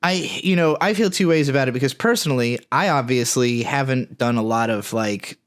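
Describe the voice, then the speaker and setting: Man, podcast co-host, loose frank banter, lots of "like" and restarts, mid pitch. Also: brisk. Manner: rambling, frank, with many fillers and restarts. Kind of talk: casual chat.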